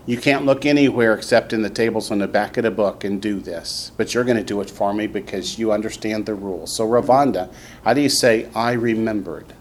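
A man's voice: on the low side, fairly quick, a little hiss or hum. A man teaching a classroom lesson, patiently drilling students and repeating each word for them to copy. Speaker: Hebrew teacher. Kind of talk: classroom instruction.

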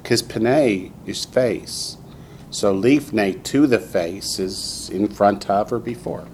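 Patient male teacher with a low voice. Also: takes it slowly, darkish tone, slight background noise. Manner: patient, repeats student answers. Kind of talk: classroom language lesson.

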